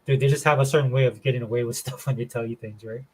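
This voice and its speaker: A man's voice: mid-range voice, steady tone, very fast, slightly rough, poor audio. A man from Florida hosting a casual gaming show, rambling with enthusiasm and saying "dude" and "man" often. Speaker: show host.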